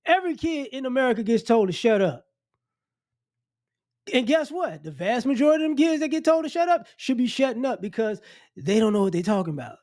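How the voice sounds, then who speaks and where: A man's voice: high voice, big pitch swings, moderate pace, a little mellow, no echo, studio quality. A man hosting an opinion rant to camera, blunt and scolding, mocking the people he talks about and repeating his points. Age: adult. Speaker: commentary channel host.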